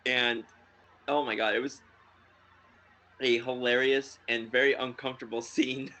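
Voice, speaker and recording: A man chatting casually on a podcast, rambling through his thoughts with lots of fillers and laughs. His voice has a bright, forward tone. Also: mid-range voice, flat delivery, measured pace. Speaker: podcast co-host. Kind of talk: casual chat.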